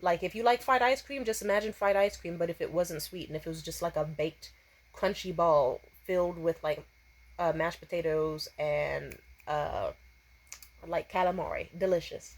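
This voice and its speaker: Profane, animated young woman ranting. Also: lowish voice, moderate pace. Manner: profane, animated, breaks into exaggerated voices for quotes. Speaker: storytime vlogger. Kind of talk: casual storytime rant.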